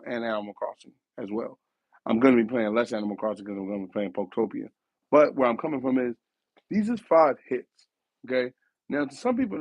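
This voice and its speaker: Worn down by a recent cough and losing his voice, a gaming talk show host rambles casually and corrects himself mid-thought. His voice is mid-range, and the lo-fi recording has no room sound.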